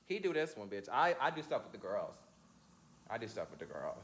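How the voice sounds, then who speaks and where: A young man chatting casually to his viewers, sassy and slangy, breaking into laughs and high squeals. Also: sing-song, brisk, a bit bright, a little hiss or hum. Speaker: vlogger.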